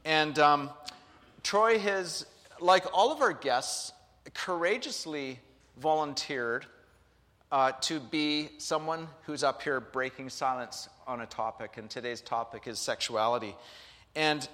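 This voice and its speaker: A man's voice: on the high side, slow, pushed and bright. A male pastor preaching a conversational sermon with joking asides, then interviewing a guest. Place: church sanctuary. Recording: reverberant hall.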